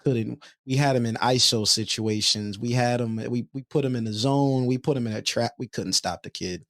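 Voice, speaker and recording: A man who hosts a podcast and coaches youth basketball tells a story in lively casual chat, often repeating himself when excited. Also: medium pitch, moderate pace, no echo, studio quality.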